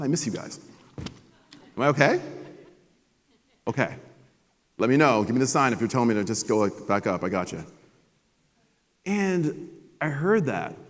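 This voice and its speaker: A man in his forties giving a motivational conference keynote, telling a personal story with emphatic pauses. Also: mid-range voice. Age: 40s. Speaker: keynote speaker. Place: conference stage at a resort. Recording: long reverb of a conference hall.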